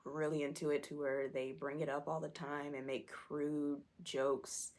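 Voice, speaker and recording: A woman's voice: low voice, level tone, a little slow, a little mellow. A young woman in her twenties, talking candidly about her life in a personal vlog. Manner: candid, self-deprecating, candid storytelling. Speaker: vlogger.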